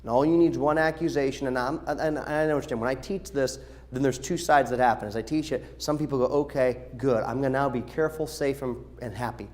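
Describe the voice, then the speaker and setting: A middle-aged man, a pastor, giving practical instructions to his church's children's workers in a lively, animated way, often acting out the voices of the people he quotes. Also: mid-range voice, a little fast. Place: church sanctuary.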